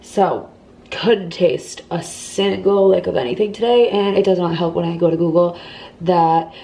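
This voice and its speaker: Congested young woman with gravelly voice. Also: on the low side, normal speed, mellow, slight background noise. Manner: chatty, lots of "like", dips into whispers. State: congested, talks strangely. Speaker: vlogger. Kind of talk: casual recovery vlog.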